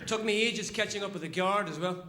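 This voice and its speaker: High-voiced Northern Irish comic. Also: male voice, brisk, noisy background. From Northern Ireland. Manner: animated, shouts in bursts. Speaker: stand-up comedian. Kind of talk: stand-up routine. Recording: live set with loud audience laughter. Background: audience laughter.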